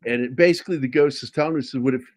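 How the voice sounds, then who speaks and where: A man's voice: on the high side, very fast, darkish tone. Rambling, cursing male comic artist. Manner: rambling, swears casually, many restarts. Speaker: comic artist showing his work. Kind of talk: casual chat.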